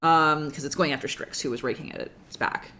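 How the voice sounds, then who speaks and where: Game master, tabletop narration, mid pitch, casual, meandering. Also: fairly quick, bright, forceful tone.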